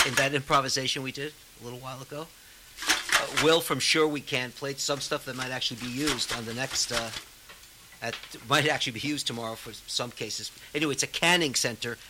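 A man's voice: mid-range voice, very noisy. A man hosting a casual radio chat, talking in a loose, rambling way with many fillers. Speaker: radio host.

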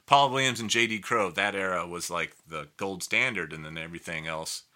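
A middle-aged man, a musician guest, in casual interview talk, telling animated stories and acting out what others said. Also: sits low, brisk. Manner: animated storyteller who acts out quotes.

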